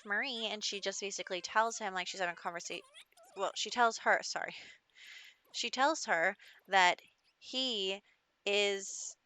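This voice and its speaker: A young woman narrates her life-sim game in a chatty, upbeat way, full of casual fillers. Her voice is bright and forward. The sound is dry, with no room echo. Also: medium pitch. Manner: chatty and upbeat, with frequent fillers like "like" and "you know". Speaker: gaming channel host.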